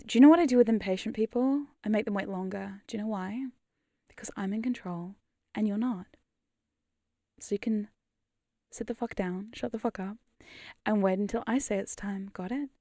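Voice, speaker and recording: A British woman doing a stern, quietly controlling dominant persona in whispered role-play, low and slow. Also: expressive, no echo, studio quality, close to an everyday voice.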